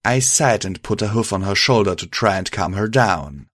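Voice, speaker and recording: A man narrating a story audiobook in a steady, matter-of-fact reading. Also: low voice, normal speed, hardly any pauses, dry recording, studio quality. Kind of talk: audiobook narration of fan fiction.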